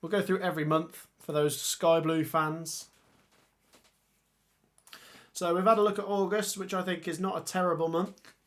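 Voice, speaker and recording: A man hosting a casual football livestream, reading viewer comments and reacting with excitable exclamations. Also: high-pitched, moderate pace, long pauses. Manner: chatty, excitable, exclaims often.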